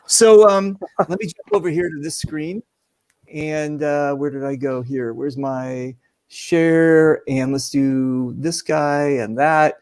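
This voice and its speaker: A man's voice: a little high, fairly even intonation, slow pace, a little mellow, clean tone, no room sound. A man hosting a casual video-call chat, joking and rambling with lots of fillers. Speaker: host.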